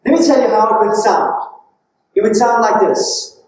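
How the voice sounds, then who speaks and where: Woman preacher, sermon, high voice, questioning and emphatic, very echoey room, far from the mic. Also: moderate pace, a little mellow. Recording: very echoey hall, distant mic.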